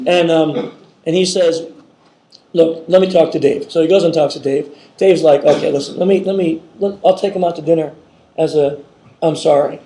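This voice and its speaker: A man's voice: on the high side, fairly even intonation, normal speed, mellow, a little hiss or hum. A man hosting a live podcast, telling a story with lots of laughter and restarts. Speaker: podcast host. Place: convention room with audience. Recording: echoey room with crowd.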